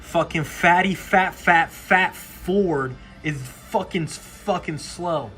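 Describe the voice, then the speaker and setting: A man's voice: fairly high pitch, slow pace, bright, forceful tone, faint music behind. A young man giving profane live reactions to a fantasy football game, dropping to mutters and then bursting out. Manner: profane, swings from mutters to outbursts.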